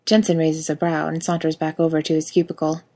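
A woman's voice: sits low, level tone, brisk, dark tone. Woman reading a wry story aloud. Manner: wry, casual reading with swearing. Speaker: reader. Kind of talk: storytelling narration.

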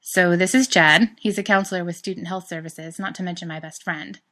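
A woman's voice: on the low side, steady tone, fairly quick, sharp tone. A woman voicing a playful, teasing male English professor who cracks jokes. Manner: teasing, wisecracking.

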